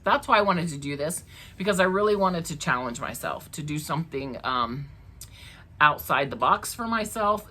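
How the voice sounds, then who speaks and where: A woman's voice: mid-range voice, pushed and bright. A woman hosting her own craft channel, talking casually to camera from her crafting room at home, chatty and emotional, laughing often.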